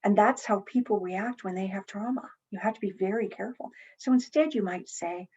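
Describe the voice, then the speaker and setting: A woman's voice: mid-range voice, a little fast, mellow, breathy edge. A middle-aged woman, an elder and psychotherapist, giving an earnest conference talk with many restarts. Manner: earnest, teaching, with frequent restarts. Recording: slightly dull lo-fi online audio.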